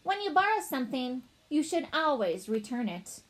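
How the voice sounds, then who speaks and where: A woman's voice: sits high, sing-song, normal speed, low-quality recording. A woman voicing a kindly male school principal in a children's storybook, speaking earnestly and politely.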